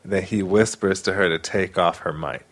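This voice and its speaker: A man's voice: deep voice, normal speed. A man co-hosting a podcast, casually recapping a reality show and acting out the quotes. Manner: animated retelling with acted-out quotes. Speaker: podcast co-host.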